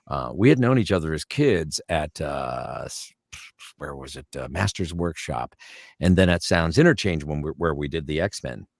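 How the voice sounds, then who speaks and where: A man's voice: very deep voice, expressive, normal speed, gravelly, no room sound, studio quality. A man, a voice actor, telling rambling anecdotes in a casual interview and slipping into other people's voices for quotes. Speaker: voice actor guest.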